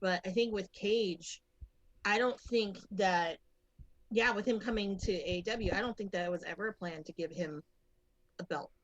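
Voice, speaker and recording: A woman's voice: medium pitch, normal speed, no room sound, muffled recording. A woman co-hosting a casual podcast, rambling through confident opinions with many restarts. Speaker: podcast co-host. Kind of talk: casual chat.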